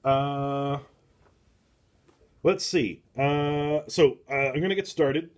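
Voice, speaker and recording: Slow, rambling man reviewing comics. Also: fairly high pitch. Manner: rambling, many filler words and restarts; slow and deliberate. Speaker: book club host.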